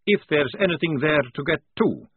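A man's voice: a little high, animated, moderate pace, breathy edge, dry recording, pitched above the performer's own voice. A man voicing a nervous male vampire soldier who craves coffee, talking in an agitated, stammering way, on a narrow phone-like recording. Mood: jittery.

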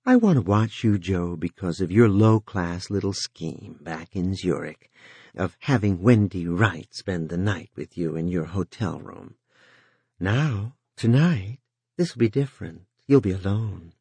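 A man's voice: deep voice, animated, a little slow, dark tone, slightly rough, no echo, exaggerated voice. A man voicing a sly, coolly cruel female entity who taunts with false cheer. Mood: mocking.

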